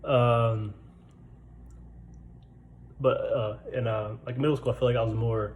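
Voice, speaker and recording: A man's voice: medium pitch, fairly even intonation, measured pace, darkish tone, slight background noise, rough recording. A man in his twenties who stutters, telling his own story in a laid-back, casual way with lots of fillers, recorded in a barracks room. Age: 20s. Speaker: vlogger.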